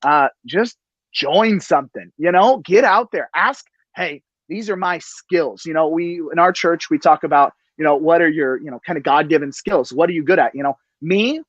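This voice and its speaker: A man hosting a podcast, talking in an excitable, gushing, casual way. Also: a little high, moderate pace, no echo. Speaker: podcast host. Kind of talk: casual chat. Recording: dull, lo-fi sound.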